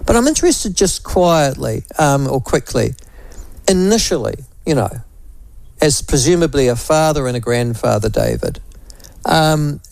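A man's voice: medium pitch, very animated, unhurried, gravelly, darkish tone, no room sound. A middle-aged man with a New Zealand accent hosting talkback radio, blunt and rambling with sardonic asides. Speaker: talk radio host. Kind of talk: opinionated talkback radio chat.

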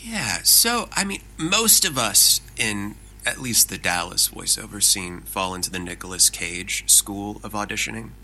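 A man, a voice actor chatting casually as an interview guest, animated and self-deprecating. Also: fairly low pitch, unhurried, few pauses, a little hiss or hum, low-quality recording.

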